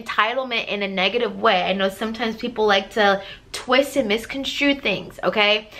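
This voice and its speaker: Bright-voiced emphatic woman life coach. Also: fairly high pitch. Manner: emphatic, repetitive, direct. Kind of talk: motivational talk to camera.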